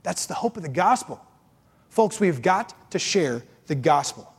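A man preaching a sermon as pastor, animated, acting out complainers in mocking voices. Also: on the high side, unhurried, creaky, breathy edge, in a large hall. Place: church.

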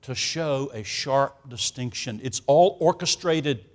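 A man preaching a sermon, emphatic, with sarcastic asides and loudness that swings from hushed to booming. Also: slow pace.

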